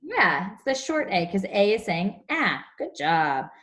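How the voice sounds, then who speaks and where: A young woman teaching a phonics lesson to young children over a video call, explaining slowly and clearly. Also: medium pitch, big pitch swings, fairly bright tone. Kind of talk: online class phonics lesson.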